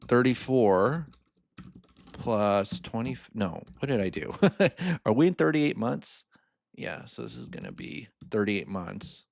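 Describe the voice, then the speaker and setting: A man's voice: mid-range voice, no echo. A man talks through loan numbers on screen in a loose, rambling way and laughs often at his own asides. His voice sits in a middle register. The sound is close and dry, with no room in it. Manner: rambling, self-amused, chuckles often. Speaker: finance mentor. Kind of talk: casual screen-share walkthrough.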